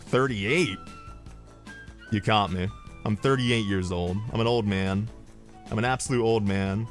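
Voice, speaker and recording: A man's voice: on the low side, steady tone, moderate pace, faint music behind. A man streamer chatting casually, telling rambling stories, swearing freely and laughing at his own jokes. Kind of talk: casual storytelling chat.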